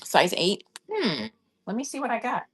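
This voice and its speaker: A woman's voice: on the high side, very animated, normal speed, husky. A middle-aged woman chatting casually on a live-stream sale, rambling and thinking aloud while she checks sizes. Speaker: online reseller selling on a live shopping app.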